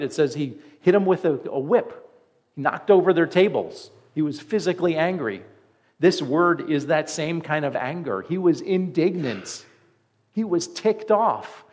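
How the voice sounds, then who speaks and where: A man preaching a sermon as pastor, earnest and conversational, with emphatic repeats. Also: on the high side.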